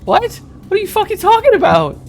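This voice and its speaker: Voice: huge pitch swings, fairly quick, a little hiss or hum, full character voice. A game master voicing a panicky, defensive small-time kidnapper who curses and pleads in a cracking, rising voice. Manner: cursing, pleading, voice cracking high.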